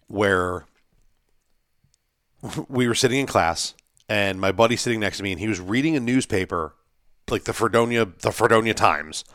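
A young man in casual podcast chat, telling an animated story, acting out quotes and swearing freely. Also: lowish voice, dry recording, studio quality.

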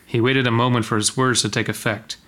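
Man co-reading a story with a friend, bright voice, hams up the lines and stops to crack jokes. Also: medium pitch, little pitch movement, quick pace. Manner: reads lines dramatically, then jokes and comments. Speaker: co-reader of a story. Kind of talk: casual reading aloud with banter.

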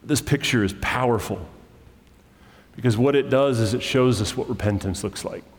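A man's voice: medium pitch, moderate pace, big-room sound. A man preaching as a pastor, conversational and full of asides, explaining scripture to his congregation. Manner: conversational, with asides and self-corrections. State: choked up with emotion. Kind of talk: sermon.

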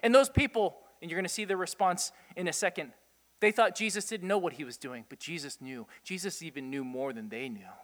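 A man preaching a sermon, animated, asking his listeners rhetorical questions and chuckling often. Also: on the high side, brisk, in a large hall. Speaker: pastor.

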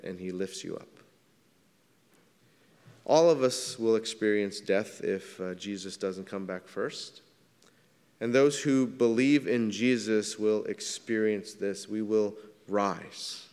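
A man's voice: mid-range voice, clean tone. Man preaching in an echoing hall. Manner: conversational preaching, rising to loud emphatic scripture readings. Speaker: pastor. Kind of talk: sermon. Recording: long hall reverb.

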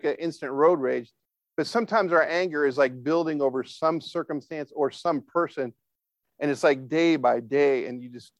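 A man's voice: fairly high pitch, no echo. A man preaching a conversational sermon, often asking his listeners for a response. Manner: asks the congregation for responses; informal, with frequent fillers and restarts.

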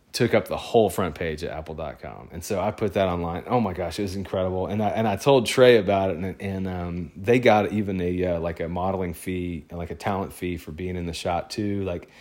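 A man, a photographer, telling a personal story in a casual, rambling, excitable way. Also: deep voice, moderate pace.

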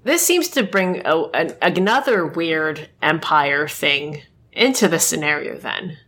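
A woman co-hosting a podcast in casual chat, reflective and quick to laugh. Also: low-pitched, animated, fairly bright tone, a little hiss or hum. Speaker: podcast co-host.

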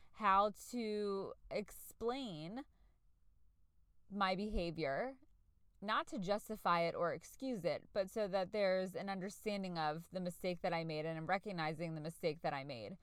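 Woman podcast host, forties, chatty and earnest, smooth voice, dry close-mic sound. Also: mid-range voice, fairly bright tone, no echo. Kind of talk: casual solo podcast talk.

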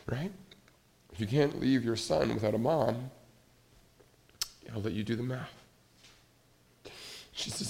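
Creaky-voiced man preaching a sermon. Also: medium pitch, unhurried, pauses often, darkish tone. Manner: conversational, hesitant with many fillers. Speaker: pastor.

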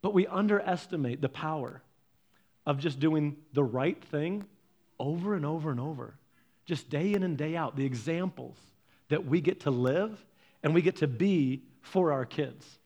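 A man telling family stories in a talk, acting out his parents' lines with lively energy. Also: fairly high pitch, normal speed. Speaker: speaker giving a faith and parenting talk. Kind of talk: storytelling talk.

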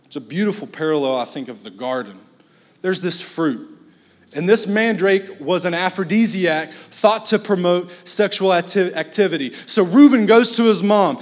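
High-voiced man preaching in a hall. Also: normal speed. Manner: casual, blunt, joking asides. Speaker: guest preacher. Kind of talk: sermon. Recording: long hall reverb.

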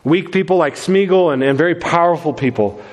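Male pastor, sermon, slightly high voice, reverberant hall, earnest with restarts. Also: brisk.

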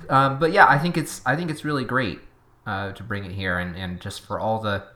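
A man's voice: on the low side, a little fast, pushed and bright. A man with a Boston accent co-hosting a podcast, chatting casually and opinionatedly, wandering into tangents. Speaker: podcast co-host.

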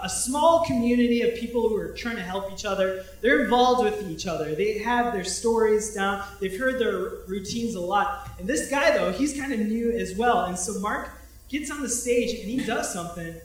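A male pastor telling a story in a sermon, animated, breaking into shouts and acting out quotes from a stage. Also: high-pitched, normal speed, distant mic. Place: large echoey hall, speaking from a stage. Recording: echoey hall, voice from off-mic.

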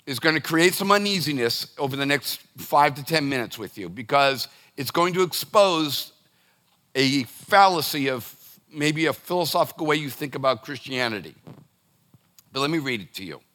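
A man's voice: a little high, expressive, moderate pace, bright, forceful tone. A middle-aged man preaching a sermon to his congregation in a loose, conversational way, with frequent restarts and direct asides. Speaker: pastor.

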